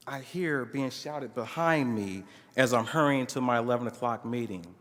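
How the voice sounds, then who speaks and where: A man reads a story aloud to a conference audience, his voice sitting at an ordinary middle pitch. He acts out the dialogue with changing voices. A long hall reverb trails after his words. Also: normal speed, hardly any pauses, fairly bright tone. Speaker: conference speaker reading a case story. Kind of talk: dramatic reading of a narrative.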